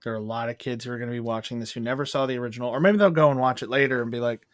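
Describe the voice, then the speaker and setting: A man in a casual movie review chat, rambling and animated, acting out bits of scenes as he goes. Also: medium pitch, very fast, no room sound. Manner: rambling, animated, acts out quotes. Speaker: podcast co-host.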